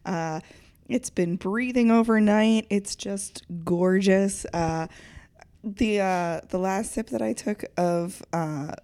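A woman's voice: mid-range voice, slow pace, warm tone, smooth. Joking woman podcast co-host. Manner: joking, giggly. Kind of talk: casual chat.

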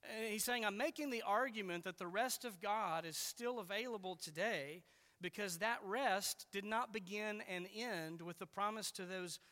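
A man delivers an expository sermon, earnest and patient as he explains, pressing down on key words. His voice sits high and bright. It carries a long reverb from a large church hall. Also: moderate pace. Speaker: preacher.

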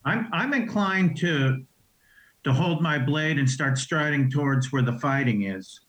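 A man's voice: on the high side, lively intonation, measured pace, fairly bright tone. A man playing a tabletop game and speaking in character with defiant questions. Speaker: player.

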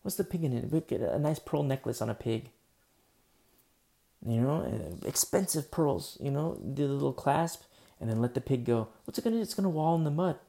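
A man preaching in a loose, conversational way, often circling back and restarting his sentences. His voice is gravelly with a dark, mellow tone. He sounds like a pastor talking to his congregation. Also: medium pitch, expressive, brisk. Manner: casual, rambling, many fillers and restarts. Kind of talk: conversational sermon.

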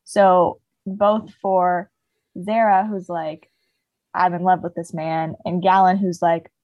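A woman's voice: fairly low pitch, little pitch movement, slow, dry recording, muffled recording. Chatty young woman, dry close sound. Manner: rambling retelling, heavy "like" fillers. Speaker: podcast co-host. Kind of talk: casual book chat.

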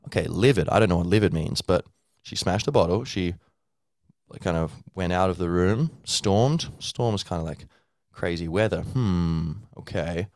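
Deep-voiced man rambling casually. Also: moderate pace, a little mellow, dry recording. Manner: rambling, with many fillers and restarts; acts out a learner's inner thoughts. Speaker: podcast host. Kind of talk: casual teaching monologue.

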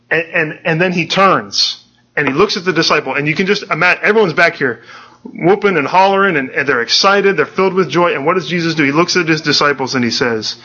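A man delivers an earnest sermon in a conversational way, repeating words as he restarts his thoughts. His voice is bright and forceful and sits a little high. The recording is dull and lo-fi. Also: a little fast. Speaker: pastor.

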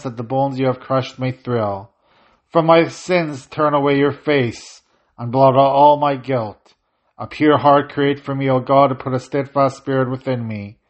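A man leading a prayer service, chanting and intoning the prayers, with short plain-spoken asides between them. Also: mid-range voice. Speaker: prayer leader. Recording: slightly dull lo-fi audio.

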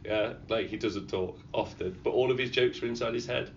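A man's voice: medium pitch, fairly quick, far from the mic. A podcast host chats casually, stopping and restarting and repeating his words as he goes. He sits back from the mic, and the sound is dull and lo-fi with a faint hiss. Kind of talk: casual chat.

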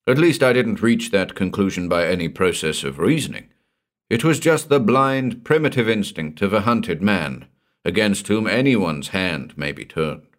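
Audiobook role: a man voicing a haunted young husband, low and muttering, wide swings in pitch. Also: expressive, moderate pace, lightly acted. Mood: haunted, subdued. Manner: low, subdued, muttering delivery. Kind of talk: audiobook reading.

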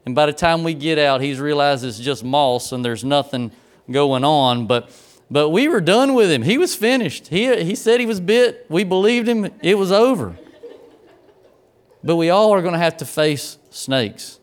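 Folksy preacher telling a story. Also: male voice, a little high, normal speed. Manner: folksy storyteller, grows excited and laughing in the funny parts. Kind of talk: sermon with a personal story.

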